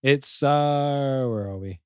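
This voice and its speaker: A man's voice: medium pitch, takes it slowly, smooth, no echo, studio quality. A man co-hosting a podcast, reading out trivia and joking with casual swearing. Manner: reads facts aloud, then jokes and swears casually. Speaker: podcast co-host. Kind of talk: casual chat with read-out trivia.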